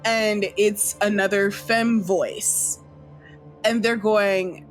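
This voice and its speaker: A woman narrating as game master, telling the story slowly and deliberately with casual slang. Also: medium pitch, fairly even intonation, soft background music.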